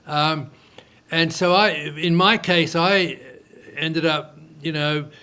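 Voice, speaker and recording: Guy with a higher-pitched voice chatting through an old business story, loose and rambly. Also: slow. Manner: animated storyteller who acts out quoted dialogue; loose, restarting speech with many fillers. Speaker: entrepreneur guest. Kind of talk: casual storytelling interview.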